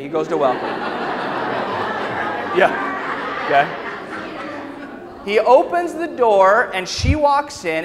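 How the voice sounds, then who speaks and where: A man giving a conference talk, telling a story and often checking in with the audience with questions, "okay?" and "right?". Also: a little high. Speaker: conference speaker. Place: large conference hall. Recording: reverberant hall with faint noise.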